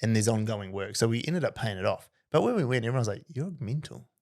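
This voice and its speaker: A man's voice: on the low side, fast talker. A man hosting a podcast, telling stories casually with a lot of energy and frequent "like"s. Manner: energetic, says "like" constantly. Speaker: podcast host. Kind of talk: casual conversational storytelling.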